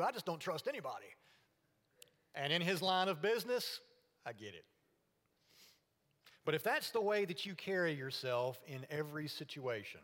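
A man preaching a sermon to his congregation, earnest and now and then dropping to a hushed voice for emphasis. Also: a little high. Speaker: pastor. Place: church sanctuary. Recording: long reverb of a church hall.

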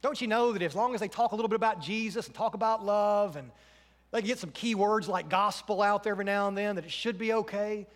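Male pastor, high voice, earnest sermon with emphatic swells and soft drops, long church reverb. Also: fast talker. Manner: earnest preaching, rising to emphatic questions then dropping soft.

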